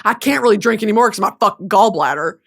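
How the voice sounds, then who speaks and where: A woman's voice: medium pitch, expressive, fast talker, creaky. A woman from Texas hosting a podcast, telling a story as a comedic monologue in a profane, self-mocking way. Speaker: podcast host.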